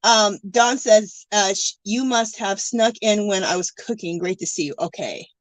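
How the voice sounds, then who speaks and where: A woman's voice: medium pitch, moderate pace, no echo. A middle-aged woman hosting an art livestream from home, chatting casually and reading viewer comments, gushing and teary. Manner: warm, gushing, emotional, scattered.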